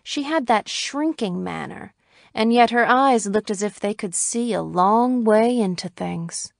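A woman reads a classic short story aloud in a steady, measured way. Her pitch sits in a middle range, and the recording is close and dry. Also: gravelly, dry recording. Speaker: audiobook narrator.

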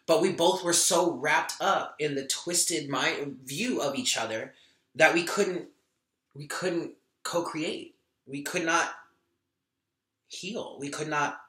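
A man's voice: a little high, takes it slowly, pushed and bright, roomy sound. A man giving a tarot reading in a vlog, talking candidly and with emotion, swearing now and then. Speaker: tarot reader.

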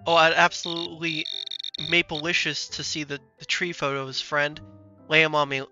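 A man's voice: a little high, fairly even intonation, normal speed, dull audio, music in the background, lightly acted. A man voicing a folksy Canadian lumberjack character in a game, with a Canadian accent and a hearty drawl full of "eh".

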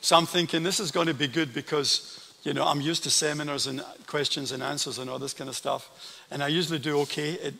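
An older guest pastor with a Scottish accent gives a sermon in a large church, speaking quickly in a voice on the high side with vocal fry and fairly even intonation. He tells stories warmly and turns to the congregation for asides, and church hall reverb is audible.

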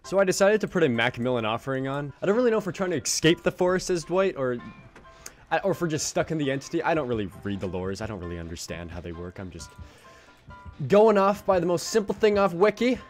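A man giving live, swearing gameplay commentary, muttering low asides and yelping when he is chased. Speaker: gaming channel host.

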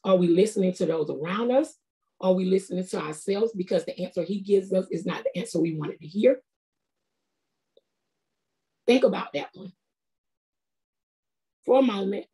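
A woman's voice: mid-range voice, moderate pace, long pauses, mellow. Woman, middle-aged, preacher, earnest, conversational sermon. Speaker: prophetess preaching.

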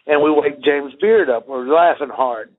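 A man's voice: on the high side, normal speed. A man, a retired pro wrestler, telling rambling anecdotes in casual conversation, often laughing. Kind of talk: casual storytelling. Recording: tinny phone-like audio.

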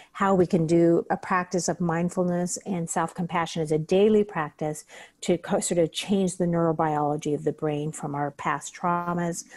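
Woman guest, breathwork teacher, earnest conversational delivery with a warm, dark tone. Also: lowish voice. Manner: earnest, acts out her own inner questions. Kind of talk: conversational interview.

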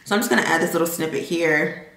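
A woman's voice: low-pitched, fast talker, fairly bright tone, poor audio. A young woman, chatting casually to the camera in a vlog and laughing often. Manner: chatty, laughs often, talks straight to viewers. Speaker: vlogger. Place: at home, then a restaurant.

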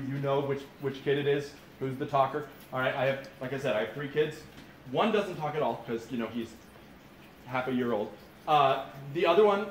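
A man in his thirties preaching a sermon at a camp, telling stories in an animated way and often restarting his sentences. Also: mid-range voice. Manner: animated storytelling with frequent restarts. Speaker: pastor. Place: camp meeting room. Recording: roomy echo with faint hiss.

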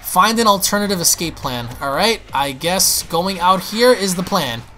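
A young man giving excitable, panicky gameplay commentary, stammering and restarting as he plays. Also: high voice, moderate pace, a little hiss or hum. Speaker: gaming YouTuber.

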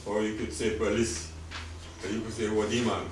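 A man's voice: lowish voice, level tone, normal speed, background noise. A man teaching a language class, patiently repeating words for his students to echo back. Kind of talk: classroom vocabulary drill. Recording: echoey room, far from mic.

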